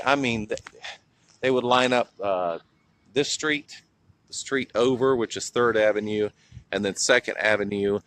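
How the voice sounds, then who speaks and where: A North Carolina man with a Southern accent livestreams outdoors in a small town, his lowish, slightly bright voice moving at a normal speed. He chats casually as a vlogger, greeting viewers by name and reminiscing with frequent laughs.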